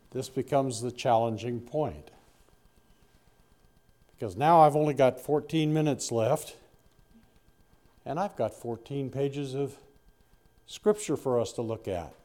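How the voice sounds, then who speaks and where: A man's voice: mid-range voice, warm tone. An older man preaching a Bible-study sermon in a folksy, rambling way, with asides to his listeners.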